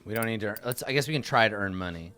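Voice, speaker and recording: A man's voice: fairly low pitch, very fast, bright, forceful tone, clean tone, soft background music. A young man casually commenting on a game he is playing, joking and rambling with a self-mocking streak. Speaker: let's-play host.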